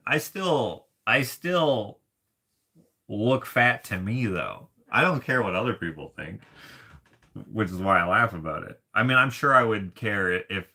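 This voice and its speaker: A man's voice: sits low, pushed and bright. A man, an artist, chatting casually to camera in a rambling, self-deprecating way and laughing often. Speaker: artist vlogger. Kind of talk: casual rambling vlog chat.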